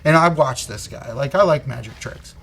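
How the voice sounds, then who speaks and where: A man's voice: medium pitch, moderate pace, creaky, a bit bright, breathy edge. A man telling a long war story in casual, profane, rambling talk, laughing as he goes. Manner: rambling, swears a lot, laughs often. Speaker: co-host.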